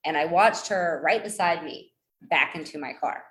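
A woman in her forties, speaking at a moderate pace on a rough recording, recounts a personal story in a rambling, self-deprecating way. Her talk is full of fillers and restarts, and she acts out quoted voices with big pitch jumps.

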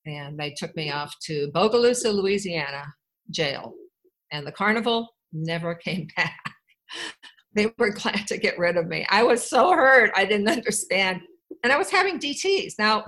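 A woman from Wisconsin with a mid-range, slightly bright voice tells her life story to a group in a low-quality recording. Her personal storytelling is candid and rambling, sprinkled with wry asides and many restarts.

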